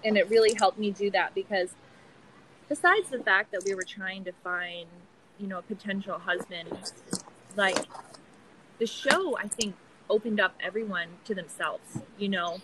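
A woman's voice: medium pitch, normal speed, background noise. A young woman speaking as a podcast guest, earnest and reflective in casual chat.

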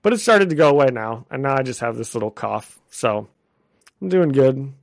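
A man's voice: medium pitch, lively intonation, moderate pace, creaky, no room sound, clean studio sound. A man co-hosting a podcast, chatting casually with a slight cough as he gets over a cold, laughing often. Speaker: podcast co-host. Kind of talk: casual chat.

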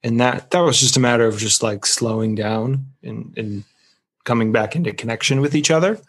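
A man's voice: mid-range voice, moderate pace, a bit bright, slightly rough. A man talking earnestly and reflectively in a casual podcast conversation. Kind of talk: casual conversation about intimacy.

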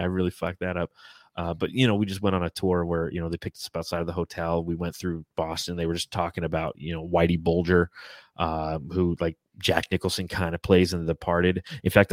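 A man's voice: low voice, flat delivery, brisk, no room sound, studio quality. A man co-hosting a podcast, telling rambling, profane stories in casual chat over a remote call. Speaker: podcast co-host.

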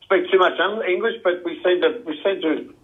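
A man's voice: high-pitched, normal speed. A man with an Australian accent, a guest in a casual chat, who keeps dropping "mate" into his sentences. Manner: chatty, says "mate" constantly. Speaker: guest, former football coach. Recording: tinny phone line.

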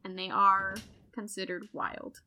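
A woman's voice: mid-range voice, little pitch movement, measured pace, bright, forceful tone, slight background noise. An American woman co-hosting a casual educational podcast, reading from notes and laughing often. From United States. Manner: giggly, reads notes with frequent laughs. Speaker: co-host.

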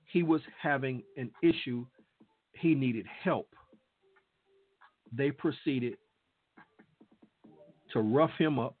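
A man's voice: medium pitch, slightly rough. A male show host giving impassioned commentary, repeating phrases for emphasis. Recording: tinny phone-like line.

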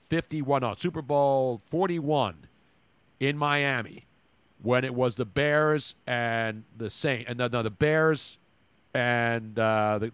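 A man's voice: mid-range voice, fairly bright tone, clear, resonant tone, no echo. A man co-hosting a sports podcast, joking and rambling in casual chat. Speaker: podcast co-host.

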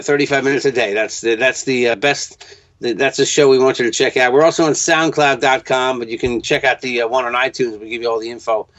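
A man's voice: medium pitch, a bit bright, no echo. A man from Long Island with a New York accent, chatting as a podcast guest in a rambling, restarting way. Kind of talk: casual podcast chat. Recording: dull lo-fi sound.

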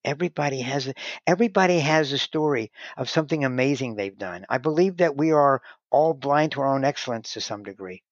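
A man's voice: medium pitch, animated, fairly quick, dry recording. A man guest telling stories in casual conversation, often restarting his sentences. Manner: rambling, restarts sentences, heavy "you know" filler. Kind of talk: conversational storytelling. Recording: dull lo-fi dry sound.

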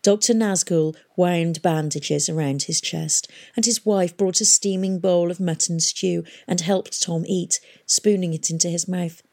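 A woman narrates an audiobook at a measured, unhurried pace. Her voice is low and dark, with a husky, gravelly texture. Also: steady tone. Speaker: audiobook reader.

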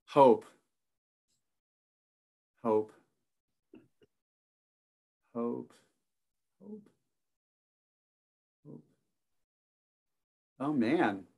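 Man, podcast guest, casual chat, easygoing, jokey, unhurried. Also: medium pitch, vocal fry, warm tone. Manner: easygoing and joking.

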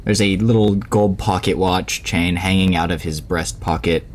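A man narrating a tabletop game as game master, telling the scene with sudden leaps in pitch. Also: steady tone, normal speed, a little hiss or hum.

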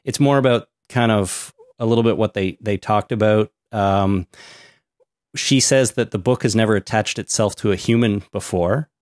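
A man's voice: lowish voice, normal speed, a little mellow, no echo, clean studio sound. A man co-hosting a casual podcast chat, hesitant and repeating words while he searches for them. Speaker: podcast co-host.

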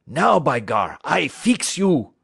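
A rough, excitable sled-dog driver bursts out in loud, broken English, as a male narrator puts him on. His voice leaps well above a plain speaking voice. The recording is dry and close. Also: mid-range voice, slow pace, dry recording, voice pushed up, exaggerated voice. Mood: angry.

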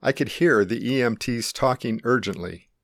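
A middle-aged man calmly and earnestly narrating his own life-or-death experience in the first person. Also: medium pitch, moderate pace, no echo, studio quality. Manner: calm, earnest, reflective.

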